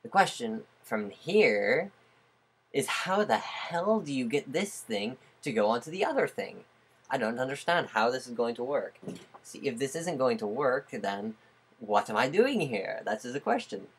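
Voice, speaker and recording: A husky, slightly breathy speaker in a casual webcam vlog, recorded close on a built-in mic in a small room. They try out different voices in a playful, self-questioning way, with lots of rhetorical asides. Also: medium pitch, animated, unhurried. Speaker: vlogger.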